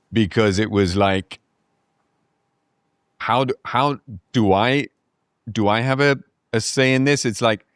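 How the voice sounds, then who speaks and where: A man's voice: on the low side, no room sound, clean studio sound. A man talking about faith and business in a casual, reflective podcast conversation, laughing now and then.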